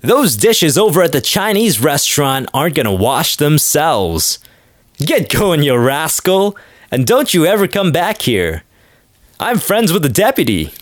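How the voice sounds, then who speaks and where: A stern 1950s father guarding his daughter, barking and scolding, played by a man. The voice is raised and pushed up in pitch, with a bossy bite. The recording is close and dry. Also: big pitch swings, a little slow, no room sound.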